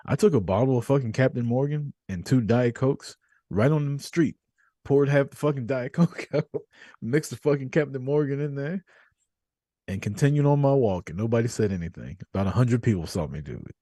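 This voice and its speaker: A man hosting a podcast, telling stories in a casual, profane, animated way. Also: mid-range voice, fairly quick, no echo, studio quality. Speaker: podcast host. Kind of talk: casual chat.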